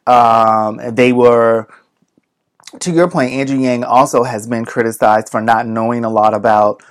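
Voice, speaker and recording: A co-host with a Boston accent, chatting casually in a measured way and often agreeing. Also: medium pitch, steady tone. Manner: measured, agreeable, frequent affirmations. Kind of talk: casual chat.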